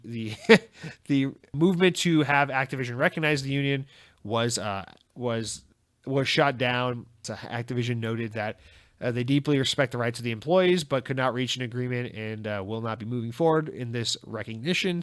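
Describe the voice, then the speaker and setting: Sarcastic, foul-mouthed American podcast host. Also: male voice, mid-range voice, a bit bright, no echo, clean studio sound. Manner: sarcastic, swears freely. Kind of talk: casual solo news podcast.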